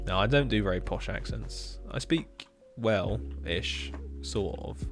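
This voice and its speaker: A man's voice: on the low side, slow, few pauses, over music. A man with a Hampshire accent chatting casually on a live stream, reading chat and laughing often. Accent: Hampshire English. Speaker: livestreamer.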